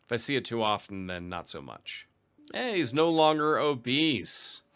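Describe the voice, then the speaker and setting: A man's voice: medium pitch, sing-song, moderate pace, a bit bright, smooth. A man commentating a strategy game, reading event text aloud with dry, wry asides. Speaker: let's play host.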